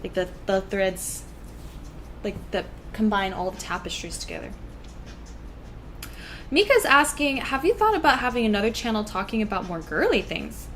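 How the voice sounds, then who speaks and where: A woman's voice: medium pitch, big pitch swings, moderate pace, long pauses, a bit bright, a little hiss or hum. A young woman co-hosting a casual livestream, chatting and reading viewer comments aloud. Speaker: livestream co-host.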